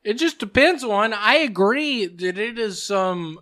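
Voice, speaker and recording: A man's voice: high-pitched, lively intonation, a little slow, pushed and bright. A man co-hosting a podcast in casual comedic chat, teasing and joking with his friends. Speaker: podcast co-host.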